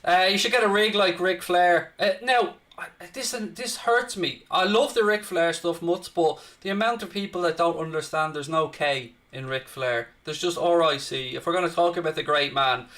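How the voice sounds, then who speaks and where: A man's voice: on the high side, moderate pace, few pauses, bright, forceful tone. A man, hosting a live football watchalong with brash, crude, mock-boastful banter. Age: 30s. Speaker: host.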